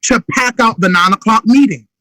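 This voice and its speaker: Bright high-voiced man, urgent speaker. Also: normal speed, no echo, rough recording. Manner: urgent, emphatic, acts out phone calls. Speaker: motivational speaker. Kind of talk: motivational business talk.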